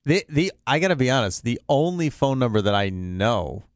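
A man's voice: medium pitch, very animated, moderate pace, no echo. A middle-aged man co-hosting a morning radio show, easygoing, with short dry reactions. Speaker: radio co-host. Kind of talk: casual morning radio banter. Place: radio studio.

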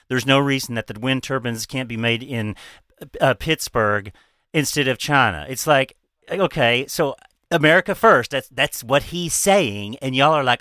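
A man's voice: mid-range voice, normal speed, bright, forceful tone, no room sound. A man co-hosting a casual political talk show, blunt and profane, with rambling asides. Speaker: podcast co-host.

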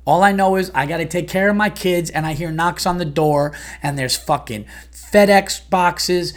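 A man's voice: high voice, moderate pace. A comedian and podcast host ranting in a heated, profane, exasperated monologue about his day.

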